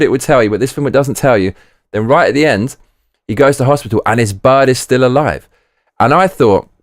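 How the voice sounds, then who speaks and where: A man's voice: a little high, no echo, studio quality. A man giving a casual spoken film review, blunt and profane, often repeating himself for emphasis. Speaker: movie reviewer. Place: living in Japan.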